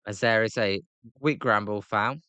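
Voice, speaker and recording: Bright-voiced British man calling baseball. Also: moderate pace, clean tone, dry recording. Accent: British English. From Britain. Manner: chatty, excitable calls on big plays, fillers between pitches. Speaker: live reaction commentator. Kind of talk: live play-by-play reaction.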